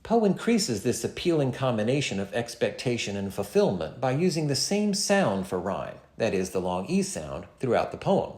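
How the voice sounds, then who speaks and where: A man giving a scripted lecture on literature in a measured, expressive way. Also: medium pitch, echoey room. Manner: measured, expressive reading with dramatic poetry recitals.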